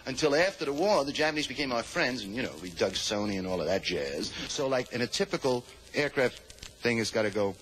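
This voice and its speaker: A man's voice: medium pitch, animated, a little fast, a bit bright, a little hiss or hum, poor audio. A man doing a stand-up comedy routine in hip slang, acting out war-movie scenes with voices.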